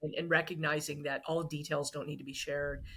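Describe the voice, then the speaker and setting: A woman's voice: sits low, little pitch movement, a little fast, sharp tone. Earnest woman guest, thoughtful talk. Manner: earnest, thoughtful, with many restarts. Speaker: guest author. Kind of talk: casual interview chat.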